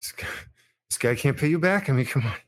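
A man's voice: medium pitch, animated, quick pace. A man playing a tabletop role-playing game, talking casually and in character. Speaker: player.

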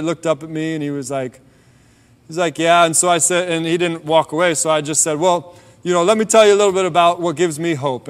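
A man telling a personal faith story in a relaxed, conversational sermon, dropping softer on key points. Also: on the high side, clean tone. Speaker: preacher sharing a testimony. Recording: long hall reverb.

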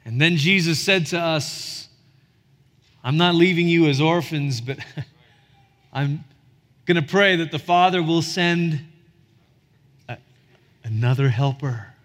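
A man in his forties preaches in a church sanctuary, his voice pitched high for a man. He speaks earnestly and builds to emphatic peaks. The sound carries a long hall reverb. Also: slow, long pauses, fairly bright tone. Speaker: pastor. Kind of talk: sermon.

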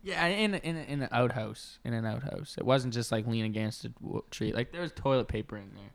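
A man's voice: medium pitch, fairly quick, gravelly. A man co-hosting a comedy podcast, chatting casually with crude jokes and reading out odd news stories. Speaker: podcast co-host.

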